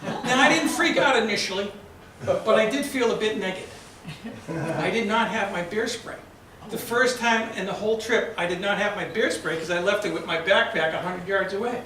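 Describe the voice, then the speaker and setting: A man with a Boston accent tells a story at a club meeting, lively and acting out the lines of people in it. His voice sits high and sounds bright and forceful. He is picked up from across an echoey room. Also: normal speed, recorded from a distance, a little hiss or hum. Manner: lively storyteller, acts out shouted quotes. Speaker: club speaker. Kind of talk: prepared storytelling speech.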